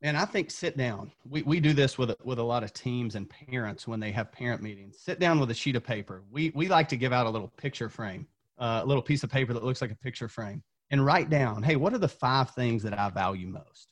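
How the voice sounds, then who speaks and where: A man's voice: mid-range voice, brisk, hardly any pauses. A man from Tennessee, a former coach, telling an earnest motivational story as a podcast guest, repeating words when fired up.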